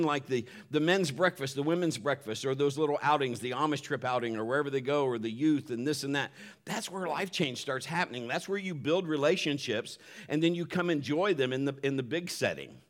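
A man's voice: a little high, brisk. A man pastor giving a folksy, joking sermon and church announcements on a live stream. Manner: folksy, upbeat, joking, with many restarts.

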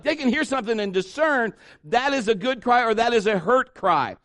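A middle-aged man preaching a sermon at a church service, telling stories in an animated way and acting out the voices of the people in them. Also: high voice, brisk, no room sound, studio quality. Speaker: pastor.

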